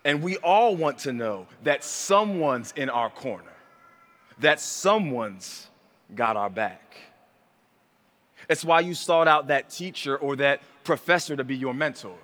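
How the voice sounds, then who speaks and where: Earnest male pastor in a reverberant hall. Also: fairly high pitch. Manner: earnest, builds from hushed to rising emphasis. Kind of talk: sermon. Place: church hall.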